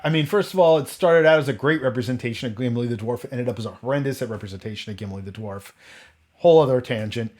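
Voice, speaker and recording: A man with a medium-pitched, slightly mellow voice hosts a relaxed roundtable chat. He wanders into tangents and rhetorical questions, often restarting and correcting himself.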